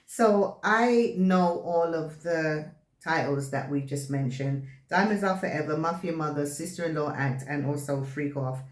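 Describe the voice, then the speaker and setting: A woman co-hosting a casual chat, relaxed, asking questions and giving short replies. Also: low-pitched, a little slow. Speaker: podcast co-host and actress. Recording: echoey room.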